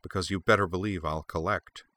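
A bitter, taunting young swordswoman, played by a man reading aloud. The voice is lifted well above his own low register and pushed with sharp force. It stays dry and close. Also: normal speed, no echo. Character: fierce young woman with blades, bitter.

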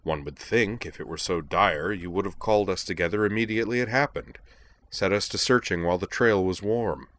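A man's voice: low voice, fairly quick, fairly bright tone. A man voicing a sly young male student who asks pointed, probing questions, in a story reading. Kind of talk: audiobook reading of fan fiction.

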